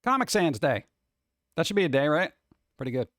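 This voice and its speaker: A man's voice: on the high side, very animated, fairly quick, a bit bright, dry recording, clean studio sound. A man hosting a casual livestream, rambling from topic to topic with sarcastic jokes. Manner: rambling, jokey, sarcastic asides. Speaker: livestream host.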